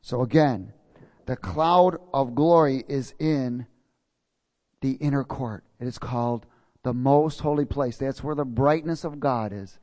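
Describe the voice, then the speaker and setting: A man's voice: medium pitch, unhurried, darkish tone. A man preaching a sermon in a folksy way, reading scripture and checking in with his congregation.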